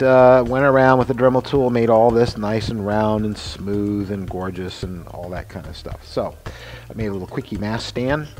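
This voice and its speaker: A man in his sixties hosting a casual workshop demonstration, explaining his mask and costume work in a rambling, chatty way full of fillers and asides. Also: medium pitch. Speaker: show host and special-effects mask maker.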